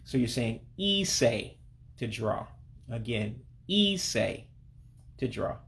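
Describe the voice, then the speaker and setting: A man from Alabama, teaching a language lesson as a voice-over and patiently repeating each word slowly. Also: fairly low pitch, flat delivery, vocal fry. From Alabama, United States. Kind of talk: self-recorded language lesson. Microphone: voice-over to pictures and on-screen text.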